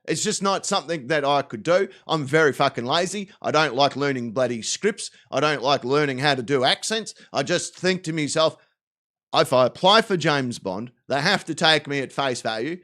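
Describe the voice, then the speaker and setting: A man's voice: a little high, expressive, normal speed, sharp tone. An Australian man hosting a podcast, delivering a sweary, laughing comic rant. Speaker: podcast host.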